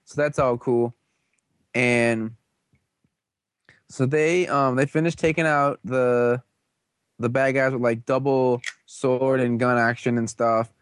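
A man's voice: medium pitch, fairly even intonation, slow, pauses often, no echo. A young man casually recapping a TV episode, rambling and playful, full of slangy asides and goofy quoted voices.

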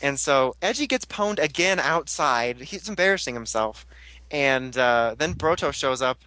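A young man hosting a casual podcast, recapping an episode with jokes and quick character impressions. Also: medium pitch, animated, pushed and bright, no echo. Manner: jokey, quick voice impressions of characters, laughs a lot. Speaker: podcast host recapping a show.

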